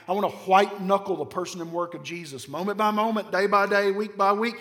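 A man's voice: high voice, lively intonation, a little fast, hardly any pauses, a bit bright. A man with a Southern American accent preaching a sermon as pastor, emphatic and full of repetition and rhetorical questions. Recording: long reverb of a large hall.

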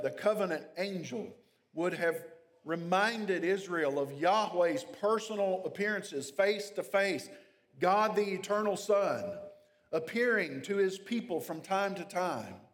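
A man delivers an expository sermon, reading scripture passages aloud and then unpacking them for his listeners. His voice sits a little on the high side for a man. The sound carries a long reverb, as in a large church sanctuary. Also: animated, a little slow. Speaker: pastor.

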